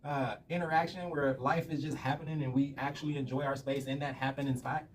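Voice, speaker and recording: A man's voice: mid-range voice, steady tone, brisk. A man telling rambling, profanity-filled stories in a casual rant to the camera. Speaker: vlogger. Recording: slightly distant mic with faint room noise.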